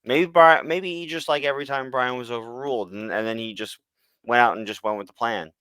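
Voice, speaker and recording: Smooth-voiced podcast co-host. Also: male voice, medium pitch, steady tone, fairly quick, a bit bright, no echo. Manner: easygoing, backchannels a lot. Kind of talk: casual chat.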